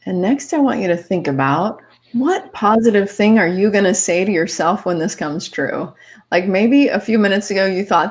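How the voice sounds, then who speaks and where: A woman hosting a podcast, calmly guiding listeners step by step through a visualization exercise. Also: medium pitch, fairly quick. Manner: calm, step-by-step coaching with light laughs. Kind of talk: guided visualization instructions.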